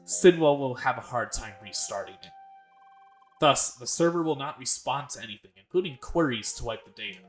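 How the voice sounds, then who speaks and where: A man's voice: mid-range voice, a bit bright. A man hosting a let's play, reading game dialogue aloud in a plain voice and stopping now and then to comment.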